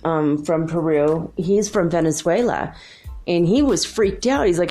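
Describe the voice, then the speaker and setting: A woman's voice: lowish voice, expressive, moderate pace, mellow, faint music behind. A woman from Minnesota hosting a casual spiritual monologue, rambling and chatty with frequent laughs. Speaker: spiritual channel host.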